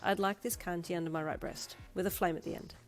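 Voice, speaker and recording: A woman's voice: on the low side, fairly even intonation, fast talker, vocal fry, faint music behind. Woman voicing a hesitant young woman. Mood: nervous. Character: nervous young woman, the listener.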